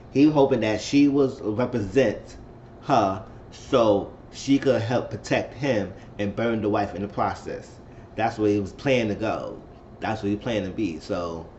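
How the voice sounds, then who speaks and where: A man's voice: lowish voice, a little mellow, highs cut off, a little hiss or hum. A man casually recapping a TV episode, chatty and rambling, acting out the quotes as he goes. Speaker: TV episode reviewer.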